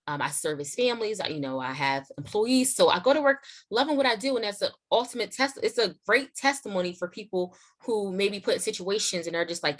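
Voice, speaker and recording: A young woman hosting and telling a personal testimony in a casual, chatty way, full of "like" and "you know", acting out quoted lines in a high voice. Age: young adult. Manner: acts out quotes in a high excited voice. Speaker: host sharing her testimony.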